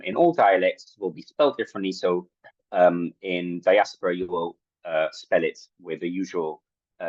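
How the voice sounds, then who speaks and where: A man giving an academic talk at an online workshop, halting and full of fillers, on video-call audio. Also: low voice, no echo, highs cut off. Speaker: workshop presenter.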